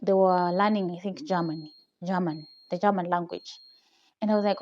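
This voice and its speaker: A woman's voice: lowish voice, fairly even intonation, moderate pace, darkish tone, lo-fi sound. A young woman with a Kenyan accent tells a personal story in a casual vlog. She retells it with animation, often tags her lines with "okay?", and laughs often. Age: young adult. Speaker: vlogger. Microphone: phone camera.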